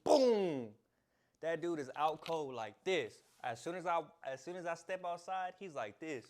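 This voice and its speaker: A man's voice: on the high side, moderate pace. A young man tells a story straight to his viewers in loose, slangy talk. He laughs often and acts out the moments as he goes. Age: young adult. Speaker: vlogger. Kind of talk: casual storytelling to camera.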